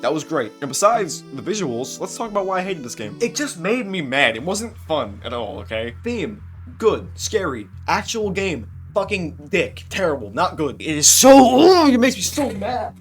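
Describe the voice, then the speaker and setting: A young man delivering game review commentary in an animated, ranting way, swearing often and laughing between points. His voice sits at a moderately high pitch. Soft music plays behind him. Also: moderate pace. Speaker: gaming video creator. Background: soft background music.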